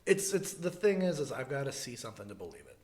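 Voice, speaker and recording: A Midwestern American man co-hosts a podcast in a medium-pitched, slightly mellow voice, sing-song and quick. He keeps the casual chat joking and laid-back, full of fillers.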